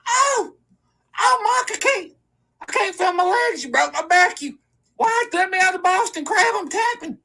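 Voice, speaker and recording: A frail old granny on oxygen, nagging and wailing in a high, piercing voice, as a man puts her on for a comedy skit. Her tone is bright and sharp, and her complaints come out in dramatic cries. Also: moderate pace, full character voice.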